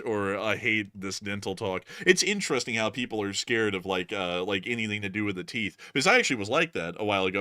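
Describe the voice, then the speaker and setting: A man's voice: lowish voice, bright, forceful tone, dry recording, studio quality. A man hosting a live stream in casual chat, jokey and upbeat, reading out viewer messages. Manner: jokey, upbeat, filler-heavy. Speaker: live stream host reading super chats.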